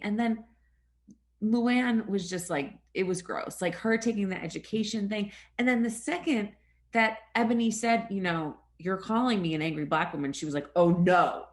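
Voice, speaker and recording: A woman co-hosting a casual podcast chat, speaking in a blunt, disapproving way. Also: mid-range voice.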